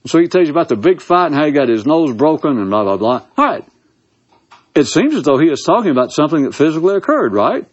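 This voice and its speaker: On a dull lo-fi recording, a man with a highish voice talks fast through a casual philosophical monologue. His pitch swings widely, and he sounds theatrical and sarcastic, with swooping emphasis.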